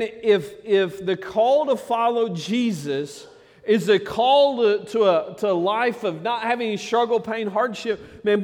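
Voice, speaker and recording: A pastor preaching a sermon, fervent and emphatic, addressing the congregation directly. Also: male voice, high voice. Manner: fervent, emphatic preaching with many "man" interjections. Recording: long hall reverb.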